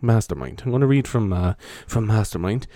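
Brisk and lively in intonation, this lowish-voiced Irish podcaster chats his way around his bedroom with a handheld mic. His half-whispered ASMR ramble meanders, hushed and soft, with plenty of casual swearing. The clean studio sound carries no echo.

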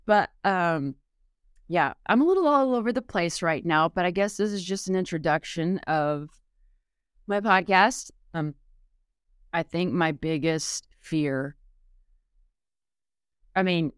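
Woman, young adult, podcast host, low pitch, candid emphatic monologue. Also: lively intonation, a little slow, pauses often, clean tone, dry recording, studio quality. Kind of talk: casual solo podcast monologue.

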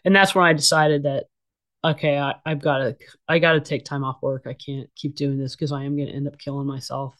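A woman's voice: low voice, little pitch movement, a little fast. A middle-aged woman speaking as an interview guest, telling her own story in plain, candid talk. Her delivery is blunt and casual. She leans on fillers and restarts her sentences often.

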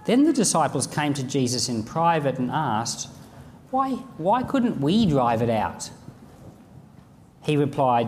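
A man preaching a sermon, reading scripture aloud and acting out the lines of imagined speakers in an animated way. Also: medium pitch, measured pace, pauses often, big-room sound, a little hiss or hum.

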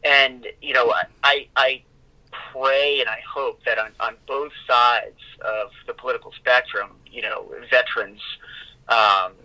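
A man giving an interview as founder of an organization, speaking in a halting, conversational way with many fillers and restarts. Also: mid-range voice, bright, forceful tone, poor audio.

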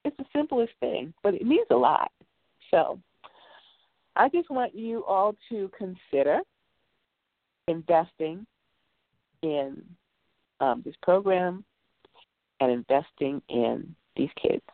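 A woman's voice: lowish voice, very animated, slow, pauses often, no room sound. A woman hosting a talk show, telling a story in an earnest, rambling way with lots of fillers. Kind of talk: casual call-in radio talk. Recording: tinny phone-line sound.

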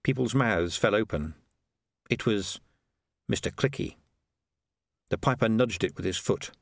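A man narrating an audiobook in a lively, expressive storytelling manner on a close studio mic. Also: medium pitch, dry recording. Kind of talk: scripted narration.

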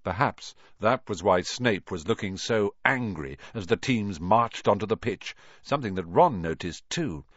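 A man reading a storybook aloud as narrator, in an expressive, animated way. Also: lowish voice, unhurried, hardly any pauses, no echo, dull audio. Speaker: audiobook reader.

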